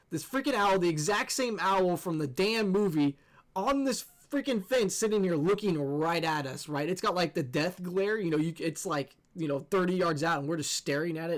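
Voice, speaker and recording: A young man, host of a gaming channel, telling a scary story in an animated, excitable way and swearing freely. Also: on the high side. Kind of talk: casual storytelling over gameplay.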